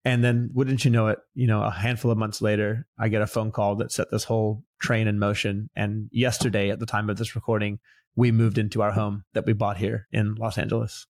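Young man with a gravelly voice. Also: lowish voice, fairly quick, no room sound, clean studio sound. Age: young adult. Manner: earnest, animated storyteller. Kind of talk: casual conversation on faith. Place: Los Angeles.

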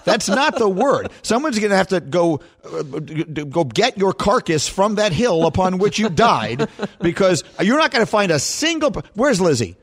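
A man's voice: sits high, sing-song, moderate pace, fairly bright tone, husky. A man hosting a sports talk radio show, teasing and incredulous in casual banter.

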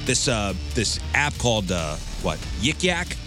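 A man's voice: on the low side, very animated, a little slow, music in the background. A man hosting a morning radio show, casually reading out news stories. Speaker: radio host.

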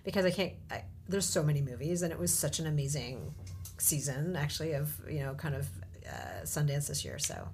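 A woman with a low voice, speaking as a guest in a casual interview, articulate and thoughtful. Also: very animated, a little fast, vocal fry, a little mellow.

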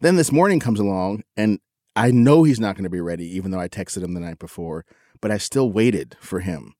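A middle-aged man with a low, steady voice tells a story on a podcast in a candid, self-critical way, often restarting his sentences. The sound is dry and close. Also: a little fast, dry recording. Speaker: podcast co-host. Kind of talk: casual storytelling.

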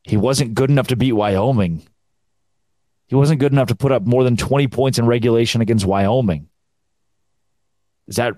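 Young man, low-pitched solo podcast host, mocking and animated, dry booth sound. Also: no echo. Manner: sarcastic, animated, mocking quoted fans. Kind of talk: solo sports podcast rant.

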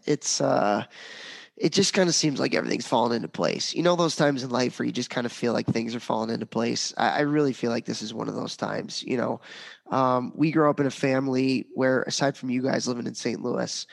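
A man in his thirties chats on a casual podcast, upbeat and thankful. His voice is gravelly and a little hoarse. He pads his sentences with ums and restarts. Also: medium pitch, a little fast. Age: 30s. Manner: upbeat and grateful, with many ums. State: hoarse, voice strained. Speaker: podcast co-host.

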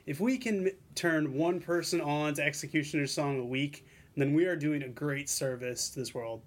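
A man with a somewhat high voice co-hosts a podcast. He reads out listener mail in casual chat and jokes around with animated energy. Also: moderate pace. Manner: playful, animated banter. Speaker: podcast co-host.

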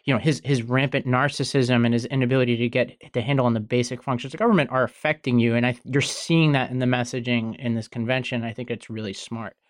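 A man hosting a political podcast, explaining news in a measured, conversational way. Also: mid-range voice, fairly even intonation, dry recording. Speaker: podcast host.

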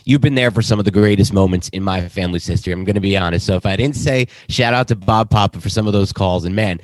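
A man's voice: sits low, fast talker, no room sound. A man joining a sports podcast as a guest, chatty and enthusiastic. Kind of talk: casual sports talk.

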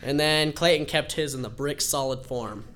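A man's voice: a little high, normal speed, a little hiss or hum. A young man telling a rambling, laughing personal story at a live storytelling event. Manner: rambling, laughing, animated retelling.

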